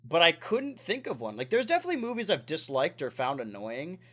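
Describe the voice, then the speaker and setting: A man's voice: on the high side, wildly swooping pitch, brisk, a bit bright. Man, twenties, podcast host, rambling casual chat, lots of filler words. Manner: rambling, self-correcting, lots of "like".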